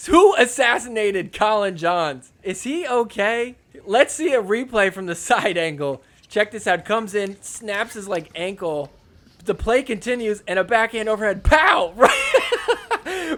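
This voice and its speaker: A man hosting a podcast, giving a casual, animated recap over sports clips and laughing at the players. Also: high voice. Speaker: podcast host.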